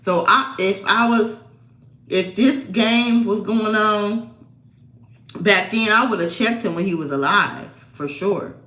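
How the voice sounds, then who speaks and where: A woman's voice: mid-range voice, takes it slowly, pushed and bright. Woman vlogger in an echoey room. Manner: rambling, emotional, fillers and laughs. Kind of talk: casual personal storytelling.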